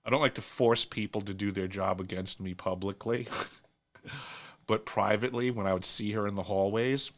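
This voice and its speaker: A man's voice: on the low side, steady tone, normal speed. A man hosting a casual chat, telling long rambling stories and laughing at his own jokes. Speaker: show host. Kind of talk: casual storytelling.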